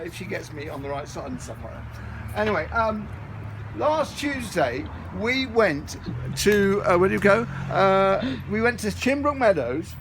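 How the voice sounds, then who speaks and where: Middle-aged guy rambling on and joking about, highish voice, outdoors, faint background noise. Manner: rambling, jokey, chatty. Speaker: vlogger. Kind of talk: casual chat to camera. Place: outdoors at a community garden. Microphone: camera held by a friend filming.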